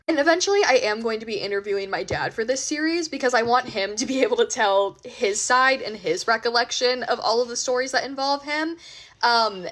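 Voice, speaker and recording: Young woman, slightly high voice, casual storytime vlogger, emphatic and exasperated. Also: brisk, fairly bright tone.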